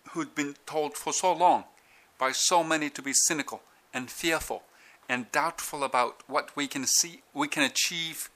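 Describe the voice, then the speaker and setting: A man doing a male president delivering a victory speech in a put-on British accent, measured and grand. The voice sits a little high and sounds bright and forceful. He takes the lines slowly, with weighty pauses. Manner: slow, deliberate oratory with dramatic pauses. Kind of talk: speech impression.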